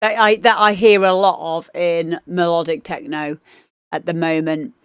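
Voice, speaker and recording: Woman DJ, casual livestream host, rambling, smooth clear voice, dry sound. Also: on the low side, steady tone, a little slow, dry recording. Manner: rambling, chatty, lots of fillers. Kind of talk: casual feedback on music demos.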